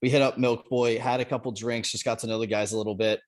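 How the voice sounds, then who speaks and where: A man appearing as a podcast guest, telling a story in a relaxed, easygoing way. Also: medium pitch, fast.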